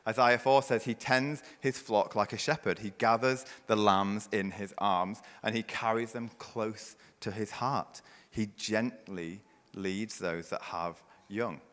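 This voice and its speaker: A man preaching a sermon as pastor, building to loud, forceful passages and then dropping to a hushed near-whisper. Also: lowish voice, fairly even intonation, measured pace, long reverb tail. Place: church.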